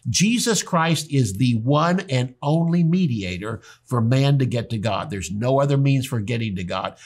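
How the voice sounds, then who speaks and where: A pastor preaching a sermon, telling stories and acting out the people in them. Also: male voice, mid-range voice, expressive, moderate pace. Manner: storytelling preacher, acts out quoted people. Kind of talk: sermon teaching.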